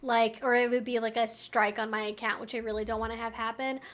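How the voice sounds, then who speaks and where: A woman's voice: on the high side, little pitch movement, fast talker, a bit bright. A young woman hosting a casual live-stream Q&A at home, chatty and candid, with lots of "like" in her speech. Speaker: live-stream host answering viewer questions.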